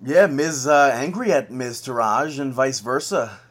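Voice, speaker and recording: A man at mid pitch co-hosting a relaxed podcast chat. He laughs often and throws himself into acted-out quotes. The delivery stays conversational and easygoing. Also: a little slow. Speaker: podcast co-host. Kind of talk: casual chat.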